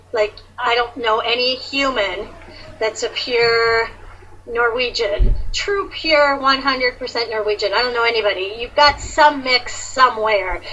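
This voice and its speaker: A chatty woman with a bright, fairly high voice tells a personal story in an animated, rambling way. She fills her talk with "like" and "you know". A faint hiss sits under her voice. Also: lo-fi sound. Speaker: guest sharing awakening story. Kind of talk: casual conversation.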